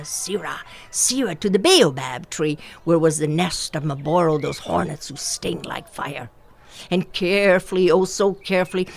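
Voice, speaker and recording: A woman telling a folktale aloud, expressive and rhythmic, with repeated phrases. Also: on the low side, gravelly. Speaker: storyteller. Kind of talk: oral folktale storytelling.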